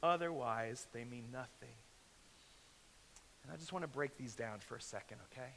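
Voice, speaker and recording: A man preaching a sermon as pastor, talking in a conversational way, slowing down for emphasis and asking the congregation questions. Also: medium pitch, gravelly, a bit bright, a little hiss or hum. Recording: echo from a large hall.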